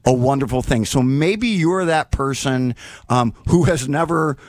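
A man's voice: mid-range voice, a little slow, a little mellow, no echo. A man hosting a radio fundraiser in a studio, talking enthusiastically and rambling with many "um"s and "uh"s. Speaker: radio host. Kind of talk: casual fundraising radio chat.

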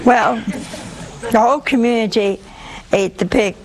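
A woman preaching a sermon, telling a story in a lively, humorous way despite a sore throat. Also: on the high side, unhurried, crowd noise, low-quality recording.

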